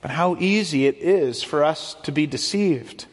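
A man's voice: a little high, measured pace. A man preaching a sermon as a pastor, explaining earnestly and often repeating words as he goes. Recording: long hall reverb.

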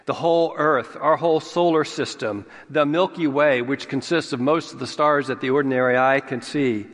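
A man delivers a sermon at a very unhurried pace, leaning on single words for weight. His voice sits a little high for a man. The sound carries the long reverb of a large hall. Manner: slow, deliberate, stresses key words. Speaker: preacher.

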